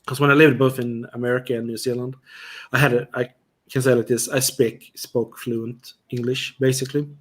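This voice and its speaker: A man's voice: mid-range voice, flat delivery, normal speed. A Swedish man with a Swedish accent, hosting a casual livestream chat with a lot of "you know" fillers. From Sweden. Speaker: livestream host.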